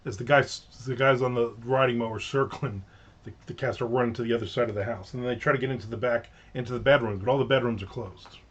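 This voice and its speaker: A middle-aged man talks fast, with fairly even intonation and a medium pitch, as he hosts a casual livestream. He's at home with the windows open, rambling through stories and adding jokey asides, captured in slightly dull lo-fi sound.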